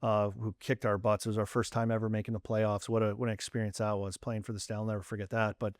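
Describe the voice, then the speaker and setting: A man's voice: on the low side, fast talker, dry recording, clean studio sound. A Canadian man in his forties, a former hockey player, telling stories in a casual chat and acting out the dialogue. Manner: animated storyteller, acts out quoted dialogue.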